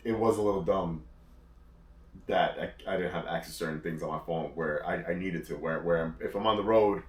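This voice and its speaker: A man's voice: deep voice, brisk. A man co-hosting a casual chat, laid-back and repeating words as he talks. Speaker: co-host. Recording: roomy echo, distant mic.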